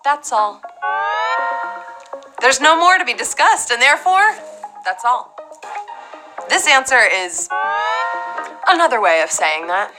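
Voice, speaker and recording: Bubbly high-voiced woman game show host. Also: animated, moderate pace, music in the background, poor audio. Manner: bubbly, playful, chatty asides. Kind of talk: live trivia game hosting.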